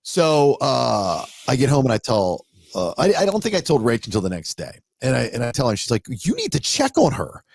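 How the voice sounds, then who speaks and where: A man's voice: medium pitch, sing-song, fairly quick, vocal fry, darkish tone, no echo, clean studio sound. A middle-aged man hosting a podcast, telling a story with animation and acting out both sides of a conversation. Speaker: podcast host.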